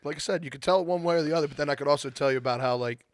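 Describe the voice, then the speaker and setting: A man's voice: on the high side, racing, no room sound. A man talking as a podcast guest in casual chat, telling stories in a rambling way, full of "like" and restarts. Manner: rambling storyteller, lots of "like", blunt. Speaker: strongman coach and guest.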